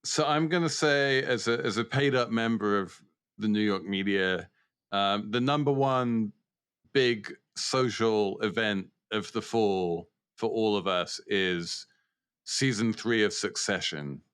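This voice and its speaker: A man appearing as a podcast guest, talking in a wry, animated way. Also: lowish voice, takes it slowly, clean tone, no room sound.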